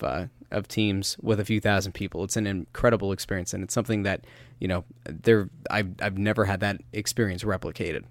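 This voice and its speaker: A man in his thirties co-hosts a casual soccer podcast, with a fairly low voice. He tells stories animatedly and loops back on himself mid-sentence. The sound is dry and close, with no room around it. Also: no echo. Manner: animated storyteller, rambling with restarts. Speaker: podcast co-host.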